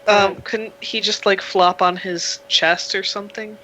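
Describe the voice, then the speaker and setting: Bright-voiced game master narrating. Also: mid-range voice, steady tone, measured pace, a little hiss or hum, rough recording.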